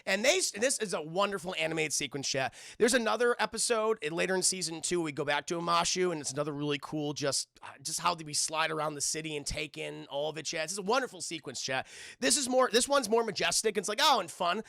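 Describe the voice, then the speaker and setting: A man's voice: fairly high pitch, quick pace, vocal fry, a bit bright, dry recording, clean studio sound. A man giving a casual, rambling and profane cartoon review on a live stream, often addressing chat.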